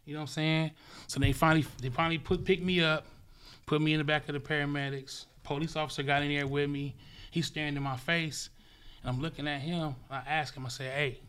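A man's voice: a little high, flat delivery, fairly quick, fairly bright tone, clean tone. A man from Los Angeles, a guest in a casual interview, telling his story vividly and profanely and acting it out with sound effects.

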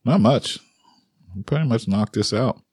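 A man's voice: medium pitch, animated, moderate pace, a little mellow, slightly rough, no echo, clean studio sound. A man in his forties, a parent co-hosting a casual chat, easygoing and chuckling as he tells stories. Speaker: podcast co-host, parent.

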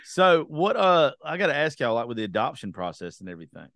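A man's voice: medium pitch, quick pace. Blunt, salty man telling stories. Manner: blunt, profane, animated storytelling. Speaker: podcast host. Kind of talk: casual chat.

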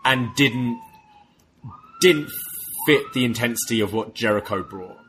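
A man's voice: medium pitch, measured pace, fairly bright tone, slight background noise. A man co-hosting a podcast, giving laid-back opinions on a wrestling show. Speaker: podcast co-host. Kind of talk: casual wrestling recap chat.

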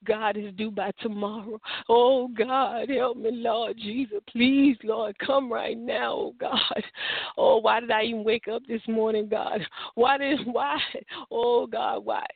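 A woman's voice: fairly high pitch, steady tone, slow pace, slightly rough, dry recording, full character voice. A woman playing a panicked believer who whines and pleads in prayer, with a desperate, whimpering manner. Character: whining, panicked believer praying in despair. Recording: tinny phone-like line, dry.

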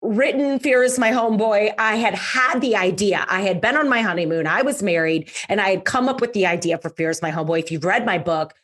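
A woman podcast host telling a personal story in a casual, chatty way, stressing words by repeating them. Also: fairly low pitch. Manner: lively, emphatic, repeats words for effect; chatty, with fillers.

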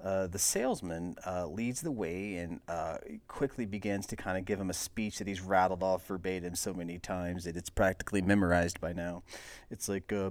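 A man hosting a podcast, casually recapping a movie scene by scene in a relaxed, rambling way, full of filler words. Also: low-pitched, normal speed, no room sound. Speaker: podcast host.

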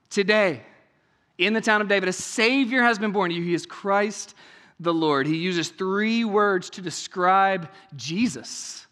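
High-pitched guy preaching, chatty, keeps asking "right?", long echo in the church hall. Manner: conversational preaching with frequent rhetorical questions and "right?"; swings between hushed, intimate passages and raised, emphatic ones. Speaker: pastor. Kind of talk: sermon. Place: church sanctuary.

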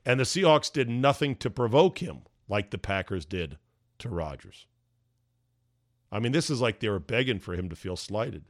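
A man hosting a podcast, delivering an emphatic, ranting opinion monologue with sarcastic asides, his voice going hoarse. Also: mid-range voice, lively intonation, moderate pace, long pauses, no room sound, clean studio sound. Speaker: podcast host.

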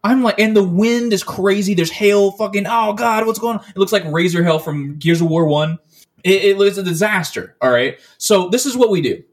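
A man with a slightly high voice chats casually on a podcast. He rambles through a long story, swearing freely and stumbling over restarts. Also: normal speed. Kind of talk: casual chat.

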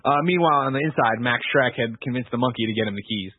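A man's voice: mid-range voice, husky, dry recording. A man co-hosting a podcast, recapping a film scene by scene in casual, profane chat. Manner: rapid, profane scene-by-scene recap with quick quoted bits. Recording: tinny phone-like sound.

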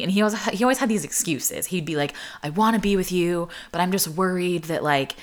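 Singer-songwriter, woman, 30s, deep voice, candid storyteller, loose and laughing. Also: brisk, hardly any pauses. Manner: chatty and candid, full of "like" fillers, laughs often. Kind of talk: casual storytelling.

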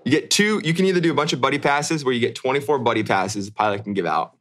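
A man's voice: mid-range voice, expressive, fast, fairly bright tone. A man in his thirties, a podcast co-host and airline pilot, talking in a laid-back, rambling way and laughing often. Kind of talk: casual chat.

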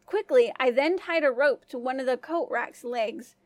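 A woman storyteller giving scripted first-person narration of a folk tale in an even, clear manner. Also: high voice, normal speed, no echo.

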